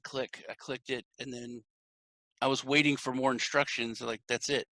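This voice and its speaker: A man's voice: mid-range voice, a little fast, no room sound. A man hosting a podcast interview, chatting casually and acting out the people he quotes as he tells a story. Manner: animated storytelling, acts out quoted reactions. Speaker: podcast host.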